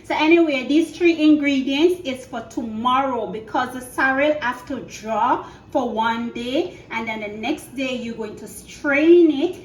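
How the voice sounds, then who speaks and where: A Jamaican woman chats and teases as she cooks, her voice fairly high and her pace slow and easy. She sounds a little far from the mic in an echoey kitchen, with a faint hum of home sound behind her. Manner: chatty and teasing, talks straight to viewers. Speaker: cooking vlogger. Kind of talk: casual cooking chat.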